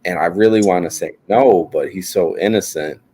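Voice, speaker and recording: Very deep-voiced man, rambling and joking. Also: normal speed, mellow, breathy edge. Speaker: podcast guest. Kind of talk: casual chat.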